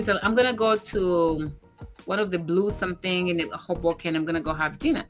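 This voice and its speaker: A woman's voice: on the low side, normal speed, soft background music. A woman in her forties hosting a talk show, chatting casually and acting out the people in her stories. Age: 40s. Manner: animated storyteller who acts out quoted dialogue. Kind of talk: casual chat.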